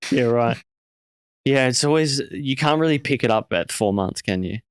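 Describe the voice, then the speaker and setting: A man's voice: mid-range voice, expressive, moderate pace, smooth, dry recording. A man hosting a casual interview, talking in a reflective, hesitant way. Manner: reflective, hesitant, many fillers and restarts. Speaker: podcast host.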